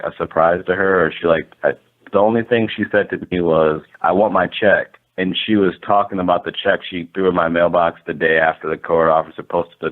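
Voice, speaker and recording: Deep-voiced man on a tinny line. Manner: rambling, animated, lots of "like" and quoted dialogue. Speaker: guest landlord. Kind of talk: casual storytelling.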